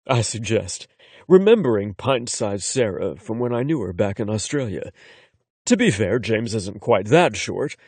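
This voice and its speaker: A man narrating a first-person romance audiobook in an expressive, conversational way. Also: fairly low pitch, unhurried, husky, dry recording.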